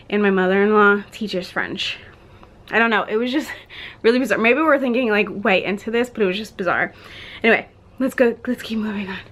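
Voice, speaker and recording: A woman's voice: medium pitch, fairly bright tone. A young woman vlogging to camera, telling a story in a chatty, rambling way with lots of "like" and restarts, laughing often between words and a little out of breath.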